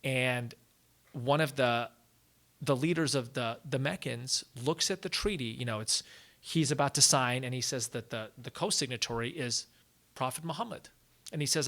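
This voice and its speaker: A man from the United States giving a public lecture at a college, telling a story in a casual, animated way with frequent "like" asides. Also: mid-range voice, moderate pace. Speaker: guest lecturer.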